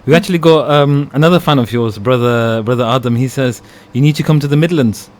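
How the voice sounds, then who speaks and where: A man's voice: medium pitch, fairly quick, darkish tone. Male radio co-host. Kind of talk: casual radio chat.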